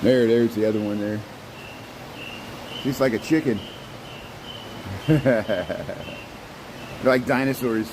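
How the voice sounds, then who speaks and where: A man's voice: mid-range voice, takes it slowly, pauses often, noisy background. Chatty man touring a birdhouse. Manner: chatty, talks to the animals, trails off and repeats words. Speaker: vlogger. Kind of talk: casual walking tour narration. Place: indoor zoo birdhouse.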